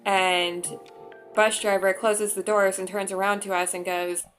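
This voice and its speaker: A woman's voice: medium pitch, level tone, measured pace, soft background music. A young woman vlogger telling a story casually in a chatty way, with lots of filler words.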